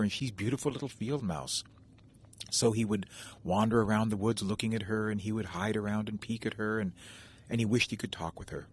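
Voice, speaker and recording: A male storyteller with a low, husky voice spins a traditional animal tale. He talks gently and conversationally, often turning to ask his listeners questions. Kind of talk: oral folk storytelling.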